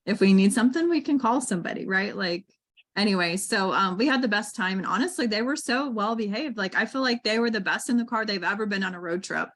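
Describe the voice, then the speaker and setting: A woman's voice: mid-range voice, brisk, fairly bright tone. A woman in her thirties hosting a casual chat, talking chattily with many fillers like "like" and "right". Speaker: host.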